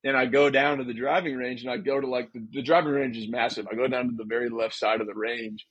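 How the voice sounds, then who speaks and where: Chatty man with a husky voice. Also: medium pitch, fairly even intonation, fast talker, fairly bright tone, no echo, lo-fi sound. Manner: chatty storyteller, laid-back. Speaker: podcast co-host. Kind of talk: casual chat.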